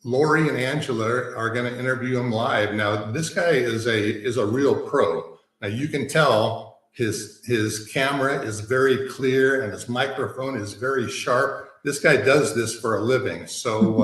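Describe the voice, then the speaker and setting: A man's voice: medium pitch, a little slow, echoey room. Chatty man moderating a video call. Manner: relaxed and chatty, with many fillers. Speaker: meeting moderator. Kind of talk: casual video-call meeting.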